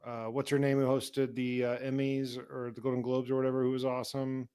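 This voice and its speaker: A man's voice: medium pitch, monotone, a little fast, warm tone, clear, resonant tone. A man co-hosting a podcast in casual chat, dropping dry, laid-back quips. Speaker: podcast co-host.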